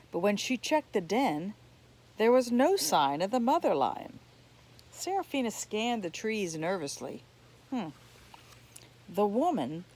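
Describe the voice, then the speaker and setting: A woman reading a novel chapter aloud in slow, expressive storytelling. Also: medium pitch, poor audio. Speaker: audiobook reader.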